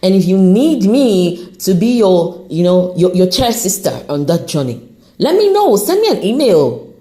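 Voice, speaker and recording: A woman hosting an unscripted motivational podcast, talking off the cuff in an encouraging, animated way, with an accent she says shifts as she goes. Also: on the low side, unhurried. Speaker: podcast host.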